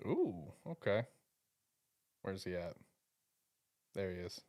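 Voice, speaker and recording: A man's voice: low-pitched, wildly swooping pitch, slow pace, a little mellow, no room sound, studio quality. A man hosting a mock draft with playful banter and frequent laughter. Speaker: host running a mock draft. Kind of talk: casual joking chat.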